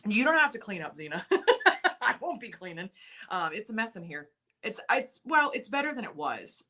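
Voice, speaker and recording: A woman's voice: mid-range voice, sharp tone. Chatty woman hosting a live stream. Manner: chatty, laughs often, reads comments aloud. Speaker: livestream host. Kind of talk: casual live-stream chat with viewers.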